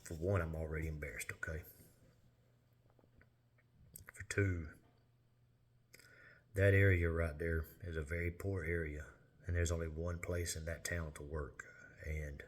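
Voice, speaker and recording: Deep, flat-voiced man. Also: husky. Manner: earnest, plain-spoken, halting pauses. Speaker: lay minister sharing testimony. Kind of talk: personal testimony storytelling.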